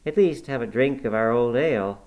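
A man voicing a brisk, motherly middle-aged housekeeper who fusses over her guest. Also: medium pitch, a little mellow, natural voice, rough recording. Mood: bustling. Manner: brisk, fussing, hospitable. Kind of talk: audiobook character voice.

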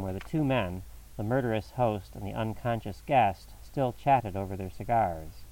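A man reading a classic novel aloud as a narrator, in a measured, dramatic storytelling manner. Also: lowish voice, dark tone, far from the mic, poor audio. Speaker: audiobook narrator.

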